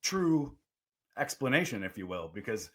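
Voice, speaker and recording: A man hosting an interview, speaking in a reflective, halting way and often rephrasing himself. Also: mid-range voice, very animated. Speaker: host. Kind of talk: conversational interview.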